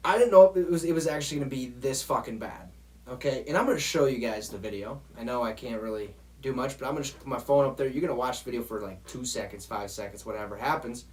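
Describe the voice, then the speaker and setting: A man's voice: medium pitch, fast talker. A man hosting a football show, ranting in a profane, exasperated way straight to his viewers. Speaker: sports show host. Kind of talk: heated football rant.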